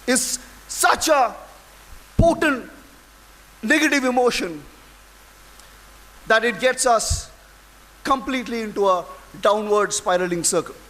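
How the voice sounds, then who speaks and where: A man giving a dramatic, emotional inspirational speech to an audience, full of long pauses. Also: extremely high pitch, expressive, a bit bright, low-quality recording. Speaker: public speaker.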